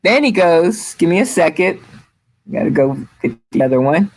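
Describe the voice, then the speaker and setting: Halting man hosting a video call. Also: high-pitched, big pitch swings, low-quality recording. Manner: halting and distracted, full of restarts and "hold on". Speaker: show host sharing his screen. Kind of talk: casual live video chat.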